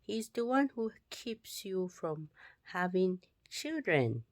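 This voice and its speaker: A woman's voice: mid-range voice, big pitch swings, takes it slowly, dry recording. A woman reading the lines of an angry husband, in a plain, earnest voice.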